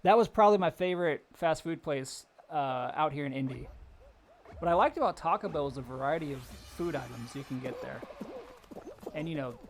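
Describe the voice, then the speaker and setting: A man's voice: a little high, animated, a little fast, noisy background. A young man streaming a game live, chatting casually with viewers, telling stories and laughing often. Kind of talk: casual live-stream chat while gaming.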